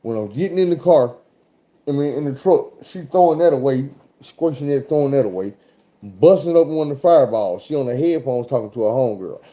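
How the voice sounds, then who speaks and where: Profane man with a very dark voice. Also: medium pitch, brisk. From Arkansas, USA. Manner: animated, profane, swears often. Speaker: truck driver telling a road story. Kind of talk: casual profane storytelling.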